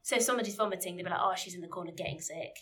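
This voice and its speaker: Young woman, from the Isle of Man, podcast co-host, casual chat, playful, bright tone. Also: on the low side, racing. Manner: playful, teasing, chatty.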